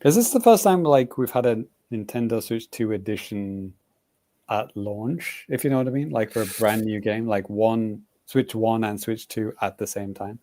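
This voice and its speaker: A man's voice: on the low side, moderate pace, mellow. A man co-hosting a casual podcast chat, rambling and hedging as he explains things. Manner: rambling, hedges with "like". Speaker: podcast co-host.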